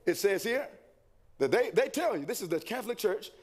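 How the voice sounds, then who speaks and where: A man's voice: high voice, big pitch swings, brisk, a little mellow, husky. A man preaching a sermon, asking the congregation questions, answering them himself and reading quotations aloud.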